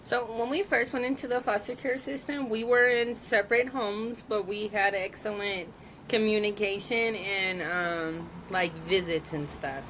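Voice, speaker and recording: A woman's voice: mid-range voice, fairly even intonation, unhurried, a bit bright, a little hiss or hum. A woman in her thirties, a guest telling her own story openly and frankly, with lots of "like" fillers. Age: 30s. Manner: open and frank, with many filler likes. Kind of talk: candid personal storytelling.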